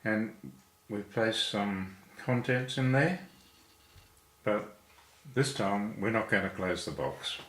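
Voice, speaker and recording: A man's voice: fairly low pitch, slow, long pauses, fairly bright tone. A man teaching how to write Chinese characters, counting each stroke aloud in a patient, step-by-step way. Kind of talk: slow stroke-by-stroke instruction. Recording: echoey room.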